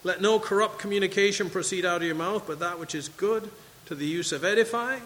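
Bright-voiced preacher in a reverberant hall. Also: male voice, sits high, a little fast. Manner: expository preaching, quoting scripture, asking the congregation questions. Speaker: pastor. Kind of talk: sermon. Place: church sanctuary.

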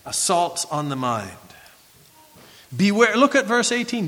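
Animated preacher man in a reverberant hall. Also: high-pitched, unhurried, long pauses. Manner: animated, acts out voices of biblical figures. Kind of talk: sermon.

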